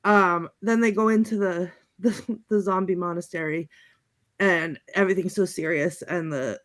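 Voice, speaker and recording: A woman on a panel chatting casually, laughing often and halting with many fillers. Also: on the low side, steady tone. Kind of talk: casual chat, recounting movie quotes.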